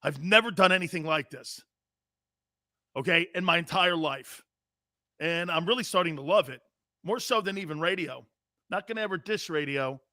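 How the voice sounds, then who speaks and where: A brash middle-aged man hosting a casual sports talk show, ranting loudly and talking straight to his viewers. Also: a little high, no room sound, studio quality. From US Northeast. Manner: brash, loud, talks straight to chat viewers. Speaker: sports radio host.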